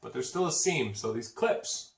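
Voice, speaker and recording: A man's voice: medium pitch, lively intonation, normal speed, creaky. Cohost guy cracking dry jokes, kinda far from the mic, echoey room. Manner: dry joking asides. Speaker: podcast co-host. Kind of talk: casual chat.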